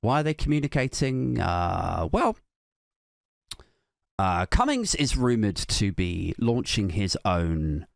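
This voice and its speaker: A man hosting a comedic political rant, sardonic and sweary, with a mocking edge to every line. His pitch swings a lot as he talks, and the sound is dry and close to the mic. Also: big pitch swings, takes it slowly, gravelly, no echo. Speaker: comedian host.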